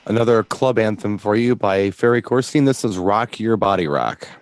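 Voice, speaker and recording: A man's voice: on the low side, normal speed, smooth, no room sound. Man, DJ co-host, casual chat, enthusiastic, rambling, dry.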